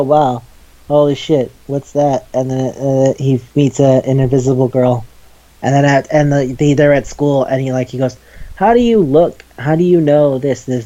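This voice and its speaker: A man chats casually about manga in a dark, mellow voice, acting out scenes with quoted lines and cursing freely. The recording is dull and lo-fi. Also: medium pitch. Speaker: podcast co-host.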